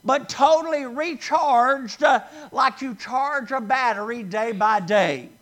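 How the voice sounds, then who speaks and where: A male preacher with a very high voice delivers a sermon at a slow, deliberate pace. He leans hard on key phrases, stretching them out, and keeps asking the congregation to answer back. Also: fairly bright tone. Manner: emphatic, drawn-out stresses, asks the congregation questions.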